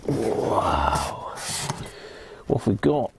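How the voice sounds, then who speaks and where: Gravelly bloke chatting on his live stream, reads stuff out, laughs a bit. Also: mid-range voice, unhurried, long pauses, background noise. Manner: chatty, chuckling, reads labels aloud. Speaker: livestream host. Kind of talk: casual live-stream chat.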